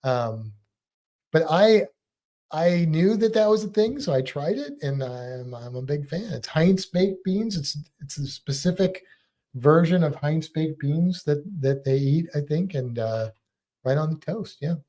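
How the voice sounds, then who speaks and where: Animated, lively-voiced American man. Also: on the high side, measured pace. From United States. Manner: chatty, laughs often, answers viewer comments. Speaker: livestream co-host. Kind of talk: casual live chat reading comments.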